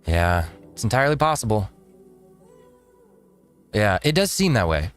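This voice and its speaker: A man's voice: fairly low pitch, very animated, measured pace, faint music behind. A man hosting a casual live-stream, reacting to a video with rambling talk and frequent laughs. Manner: rambling, laughs often, restarts.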